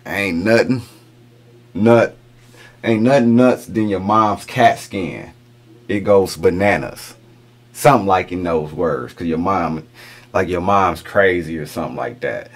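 A man's voice: low-pitched, unhurried. A middle-aged man hosting a reaction video, talking casually, repeating lines back to himself and chuckling as he muses over them.

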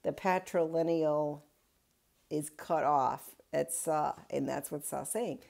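A woman's voice: sits low, takes it slowly, vocal fry, darkish tone. A woman pastor giving a casual daily Bible reflection, retelling the story in a chatty way with wry asides.

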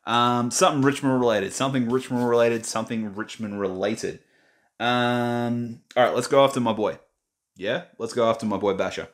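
A man's voice: mid-range voice, fairly even intonation, normal speed. A young Australian man chatting casually while reading quiz questions aloud, muttering and mocking himself. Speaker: gaming vlogger. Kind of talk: casual screen-recorded commentary.

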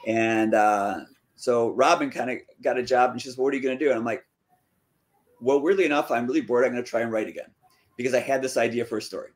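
A man in a relaxed interview, spinning a long anecdote in a casual, conversational way. His voice sits at an ordinary middle pitch but leaps up when he acts out what people said. He is a fantasy author talking about his own work. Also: fairly quick. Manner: lively, acts out quoted dialogue with pitch jumps. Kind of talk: casual storytelling.

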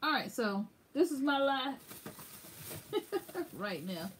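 A woman's voice: high-pitched, lively intonation, moderate pace, fairly bright tone, slight background noise. A woman chatting casually on a live stream, rambling with many fillers and greeting viewers by name.

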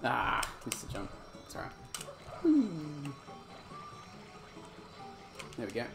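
A gaming streamer plays live and chats with viewers in a laid-back way, laughing often and humming along over the game music. He talks fast in a steady, medium-pitched voice with some vocal fry.

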